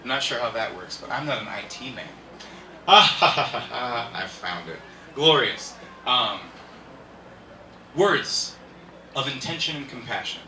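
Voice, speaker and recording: Rambling stand-up comic in an echoey room. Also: male voice, medium pitch, lively intonation, unhurried, pauses often, pushed and bright. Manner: rambling, laughs at his own jokes. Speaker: stand-up comedian. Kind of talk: stand-up comedy set. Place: indoor comedy show venue. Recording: echoey room, distant mic, faint hiss.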